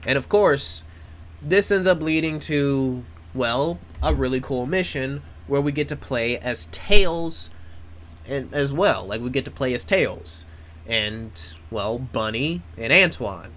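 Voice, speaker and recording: A man's voice: medium pitch, lively intonation, slow pace, fairly bright tone, slight background noise. Rambling, foul-mouthed man with casual chat. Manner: rambling, swears freely, self-mocking. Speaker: video creator.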